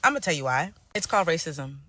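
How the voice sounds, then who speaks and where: A woman with a Jamaican accent giving emphatic direct-to-camera commentary, slipping into quick patois. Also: on the low side, expressive, a bit bright, no echo. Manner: emphatic, switching into fast patois.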